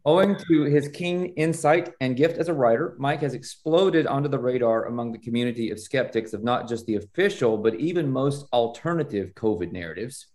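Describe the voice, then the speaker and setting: A man's voice: medium pitch, fairly quick, few pauses, darkish tone. Emphatic male podcast host. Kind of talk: scripted intro then casual interview.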